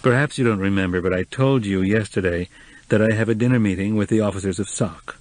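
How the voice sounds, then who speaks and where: A man's voice: medium pitch, expressive, brisk, no echo, close to an everyday voice. A man reading an audiobook, voicing a reserved, formal middle-aged man who speaks with restraint. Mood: restrained. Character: patient, reserved middle-aged man, cool then kind.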